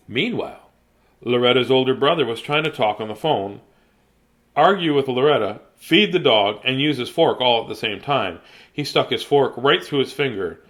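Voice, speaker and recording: A man's voice: medium pitch, animated, normal speed, a bit bright. A man reading a picture book aloud, playful and chatty, drifting into tangents. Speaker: children's story reader.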